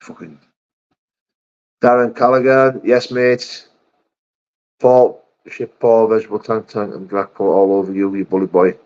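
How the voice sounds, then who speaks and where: A man's voice: lowish voice, little pitch movement, measured pace, long pauses, a little mellow, dull audio. A middle-aged man, chatting on a livestream and answering viewer comments bluntly, calling everyone mate and brother. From England. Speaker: livestream host reading chat. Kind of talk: casual live chat.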